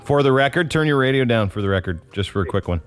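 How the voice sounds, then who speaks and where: A man hosting a morning radio show, joking and teasing callers in quick banter. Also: mid-range voice, expressive, faint music behind. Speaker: radio host.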